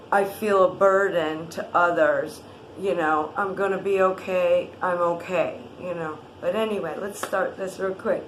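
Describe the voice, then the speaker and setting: Lady walking you through a tapping exercise, soft and rambly, lots of ums, echoey room, a little hiss. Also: lowish voice. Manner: gentle, rambling, many fillers and restarts. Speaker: wellness guide.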